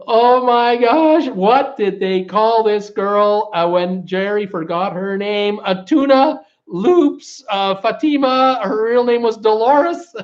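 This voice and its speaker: A man hosting a live-stream trivia chat who keeps breaking into laughter while reading viewer comments, his voice gone hoarse from laughing. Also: sits high, takes it slowly, muffled recording. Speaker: host of a live cruise news and trivia stream.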